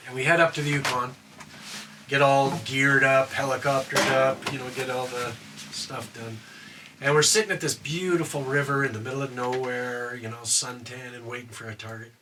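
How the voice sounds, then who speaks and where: An older man from Canada, a former wildland firefighter, casually tells a rambling story with lots of fillers. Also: mid-range voice. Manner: rambling, with many fillers and acted quotes. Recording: distant mic with steady background noise.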